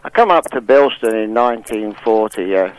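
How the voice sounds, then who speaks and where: A man's voice: fairly low pitch, animated, moderate pace, poor audio. A man of seventy with a London accent, calling in to a radio show and rambling through an anecdote with plenty of hesitations. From West London. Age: 70s. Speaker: radio caller.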